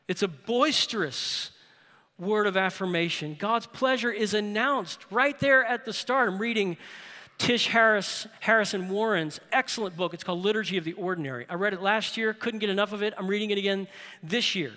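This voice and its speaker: A man preaching a sermon, telling stories and dropping low and slow for emphasis, then rising loud when he exhorts. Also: lively intonation, long reverb tail. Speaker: pastor.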